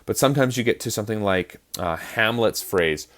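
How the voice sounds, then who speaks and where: A man's voice: on the low side, lively intonation, brisk, a bit bright. A man explaining verse rhythm as an acting teacher, in a chatty lesson with frequent fillers and restarts. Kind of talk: online lesson on verse speaking.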